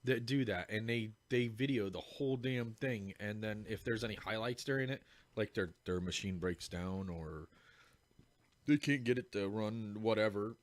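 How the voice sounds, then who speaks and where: A man's voice: lowish voice, moderate pace, no echo. A man chatting casually on a podcast, blunt and profane, joking about his lawn care work. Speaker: lawn care worker, show regular. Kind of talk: casual chat.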